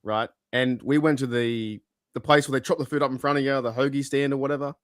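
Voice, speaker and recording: A man's voice: medium pitch, fast talker, dry recording, clean studio sound. A man from Australia with an Australian accent, a podcast guest telling stories in casual, swearing chat. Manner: swearing, anecdotal, lively storytelling.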